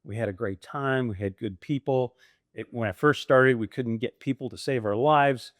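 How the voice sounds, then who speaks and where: Animated man telling career stories. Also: medium pitch, moderate pace, dry recording, clean studio sound. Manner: animated, acts out quoted dialogue. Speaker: guest. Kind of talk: storytelling interview.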